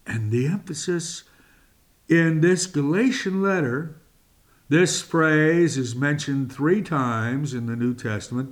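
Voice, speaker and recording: Male preacher, high voice, emphatic and deliberate sermon delivery.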